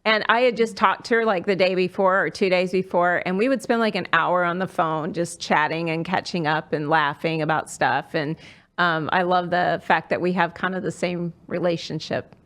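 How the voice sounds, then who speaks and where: A woman's voice: lowish voice, fairly even intonation, normal speed, a bit bright. A middle-aged woman hosting a casual podcast chat, talking with lots of fillers and restarts. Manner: chatty, many fillers and restarts. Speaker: podcast host.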